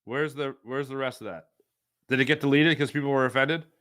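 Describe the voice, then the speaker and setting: A male show host chatting casually on a live stream, reading out viewer comments. He rants in a playful, opinionated way, full of fillers and restarts, at an ordinary middle pitch. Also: steady tone, a little fast, sharp tone, smooth.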